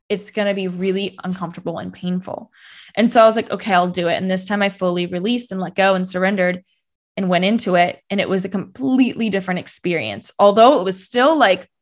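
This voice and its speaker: A young woman speaks as a podcast guest, telling a personal story in easy conversational chat. She leans on "like" constantly and slips into voicing her own past thoughts mid-sentence. Her pitch sits in an ordinary middle range. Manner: fast, filler-heavy talk with many "like"s, acting out her own past thoughts. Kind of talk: casual storytelling interview.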